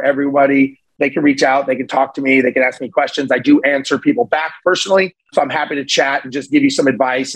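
A man guest on a podcast, telling a story in a casual, animated way and acting out the voices of the people in it. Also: medium pitch, slightly rough, low-quality recording. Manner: animated, acts out voices in his stories. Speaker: podcast guest, real estate investor.

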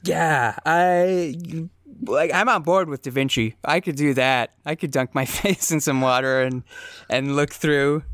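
A man co-hosting a podcast, explaining things in a relaxed, unhurried way and chuckling now and then. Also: fairly high pitch, dry recording, clean studio sound. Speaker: podcast co-host. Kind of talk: casual comedic chat.

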